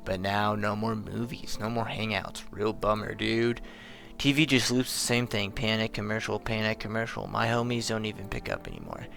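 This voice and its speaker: Give me a mellow young stoner guy with a deep, gravelly drawl, as a man plays him. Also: lively intonation, moderate pace. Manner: drawling surfer-dude slang. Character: laid-back young male stoner slacker.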